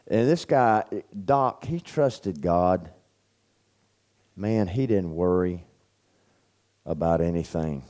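A man's voice: sits low, expressive, slow pace, long pauses, dark tone. A man speaking at a men's church camp, telling stories in a folksy, anecdotal sermon with lots of fillers. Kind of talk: storytelling sermon.

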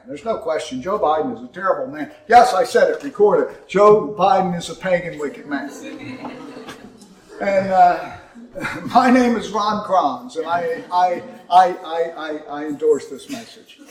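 A man preaching with an impassioned delivery, his voice rising high and then dropping low. He sits fairly high for a man and is picked up from a distance. The room around him is echoey. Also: a little hiss or hum. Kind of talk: sermon.

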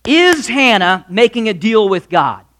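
A man preaching a sermon, acting out characters in quick asides and swinging from loud to soft. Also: high-pitched, big pitch swings. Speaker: pastor.

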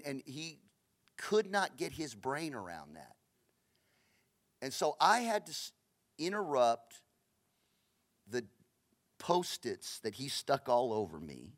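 A middle-aged man from Los Angeles, a pastor preaching a passionate, storytelling sermon that swings between loud bursts and hushed asides. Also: mid-range voice.

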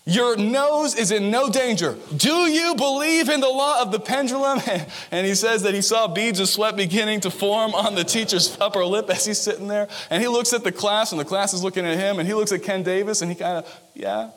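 Male pastor, high voice, young adult, animated sermon storytelling, playful asides. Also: brisk, few pauses.

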